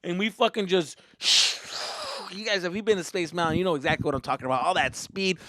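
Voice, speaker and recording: Guy hosting his podcast, telling a funny story, cussing a lot, bright and sharp voice a bit high, goes loud then quiet. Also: a little fast, no echo, studio quality. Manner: profane, animated, swings from loud bursts to mutters. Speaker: podcast host and comedian. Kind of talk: casual comedic storytelling.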